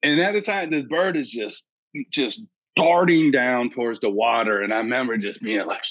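A man, a birding educator and podcast guest, telling an excitable story and acting out his own past thoughts. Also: medium pitch, moderate pace, no room sound, highs cut off. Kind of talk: animated storytelling.

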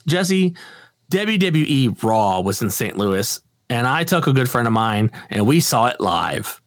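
A man's voice: mid-range voice, very animated, unhurried, no room sound. A man co-hosting a podcast in casual chat, laid-back and swearing casually, laughing often. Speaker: podcast co-host.

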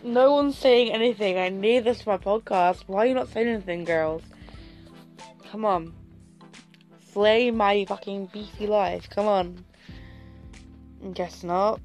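A woman's voice: medium pitch, measured pace, long pauses, darkish tone, soft background music. A young woman vlogging in a casual, sassy, camp way, full of swearing and dramatic outbursts. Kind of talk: casual livestream chat.

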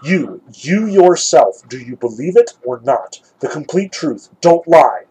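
A frantic young man on trial, pleading in urgent, breathy bursts with a husky, mellow edge, as a man reads him aloud. His voice sits a little high and leans hard on each demand. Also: animated, normal speed, poor audio. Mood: frenzied pleading. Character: desperate accused young man, frenzied.

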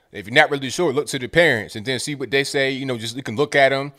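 A man's voice: medium pitch, quick pace, hardly any pauses, a bit bright. A man co-hosting a casual political chat, laid-back and agreeable, often repeating his words as he starts a sentence. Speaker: co-host.

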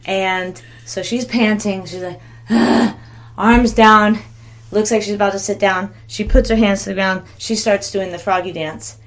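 Easygoing young mom, gravelly edge. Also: female voice, medium pitch, fairly even intonation, unhurried. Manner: easygoing, laughs while telling stories. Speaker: podcast co-host, mom. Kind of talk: casual chat, storytelling.

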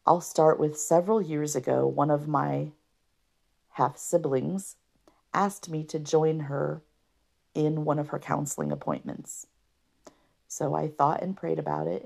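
A woman hosting a podcast, telling her own story unscripted and earnestly, with a rough voice from allergies and frequent throat clearing. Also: deep voice, warm tone. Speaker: podcast host. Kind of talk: personal testimony podcast.

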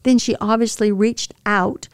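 A woman hosting a devotional podcast, reflecting earnestly and tenderly on scripture, with soft laughs now and then. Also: mid-range voice, steady tone, measured pace, clear, resonant tone, no echo, clean studio sound. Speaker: podcast host.

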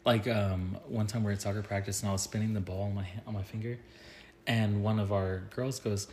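A man co-hosting a casual podcast, a father and soccer coach, telling family stories in a relaxed way, with fillers and easy laughs. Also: lowish voice, fast talker, a little hiss or hum. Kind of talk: casual chat, storytelling.

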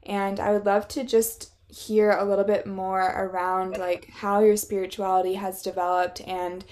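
A woman's voice: medium pitch, level tone, normal speed, darkish tone. A woman hosting a podcast, reflecting on her guest's words and asking thoughtful questions in an affirming way. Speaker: podcast host. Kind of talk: conversational interviewing.

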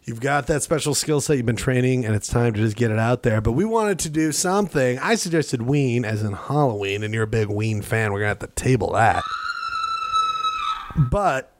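Deadpan man co-hosting a podcast. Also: medium pitch, moderate pace. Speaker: podcast co-host. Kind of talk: casual comedic banter.

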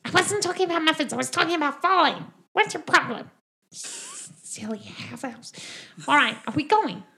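A high, bright little gnome voice, put on by a woman running a tabletop game. He is bossy and snippy and keeps complaining. The tone is sharp and tense. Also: wildly swooping pitch, normal speed, full character voice. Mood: indignant. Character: small grumpy male gnome, bossy. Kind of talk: tabletop role-play voice.

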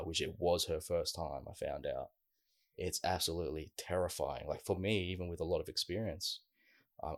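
A man, co-hosting a casual podcast and telling a long story in a lively, filler-heavy way. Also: deep voice, no room sound. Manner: animated storyteller, many fillers. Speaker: podcast co-host.

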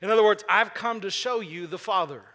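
A pastor preaches a sermon to his congregation at a fairly quick pace, his voice high and bright. He often asks them questions and waits to hear back, repeats short phrases several times to stress key points, and the sound echoes with the long reverb of a large church hall.

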